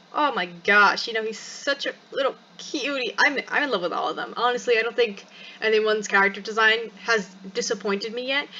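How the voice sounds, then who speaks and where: A young woman reading a visual novel game aloud, chatty and excitable with many asides. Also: mid-range voice, lo-fi sound. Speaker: game streamer.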